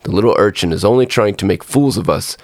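A man voicing a pair of sly, jumpy male thieves in a storybook reading, hushed and nervous. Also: lowish voice, quick pace, lightly acted. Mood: furtive.

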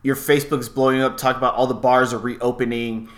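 A man's voice: medium pitch, flat delivery, quick pace. A man co-hosting a casual chat, laid-back and joking.

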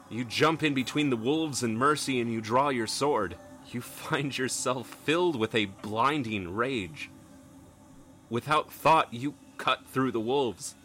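A man's voice: mid-range voice, fairly bright tone. A man narrating a tabletop role-playing game as game master, telling the story in dramatic second person.

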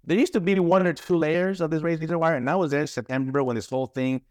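A man's voice: on the high side, steady tone, fast, a little mellow, dry recording. A man, a former trafficking investigator, talking as a guest in an interview, emphatic and often repeating or restarting his words. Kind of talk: interview conversation.

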